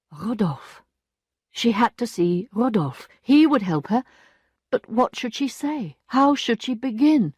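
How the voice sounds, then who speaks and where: A woman reading a classic novel aloud for language learners, clear and measured. Her voice moves expressively up and down, and it is close and dry with no room sound. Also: on the high side, sing-song, a little mellow, no echo. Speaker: narrator. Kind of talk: scripted storybook narration for learners.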